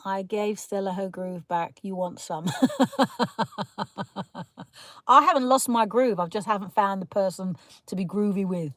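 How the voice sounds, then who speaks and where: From a parked car, this woman from Kent, south of England, casually reads live stream comments, laughing, teasing and calling viewers darling. Her mid-range voice is a little slow and fairly bright, with no room sound.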